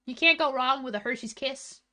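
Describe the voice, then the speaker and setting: A woman's voice: high voice, a little fast, bright, forceful tone. A young woman streamer chatting casually with her viewers, blunt and full of swearing. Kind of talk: casual chat stream, reading chat.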